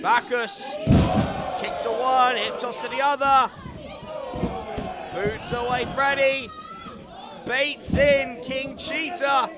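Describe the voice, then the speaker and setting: A man calling a wrestling match live, excitable and joking, often shouting over the action. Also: very high-pitched, takes it slowly, pauses often. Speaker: wrestling commentator. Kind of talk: live play-by-play commentary. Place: indoor wrestling venue. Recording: loud live crowd and arena noise.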